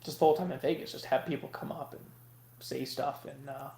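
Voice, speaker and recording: A man's voice: mid-range voice, steady tone, brisk, gravelly, crowd noise. A man chatting casually as a guest on a livestream, rambling with lots of fillers and restarts. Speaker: guest vending creator. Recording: echoey room sound.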